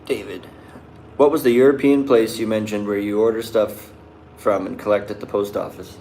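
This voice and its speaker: A young man talks loosely to his viewers, his voice sitting a little low. He drifts and restarts, stringing thoughts together with "like." The room is echoey, with a faint hiss behind him. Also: steady tone, moderate pace, pauses often, mellow. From Canada. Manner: rambling, loose, many likes and restarts. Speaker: vlogger answering live chat. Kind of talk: casual chat.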